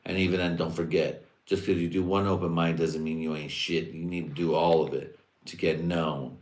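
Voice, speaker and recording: A male livestream host talks in a loose, rambling, profane and streetwise monologue. His low voice is flat at a normal speed, and the recording has a roomy echo.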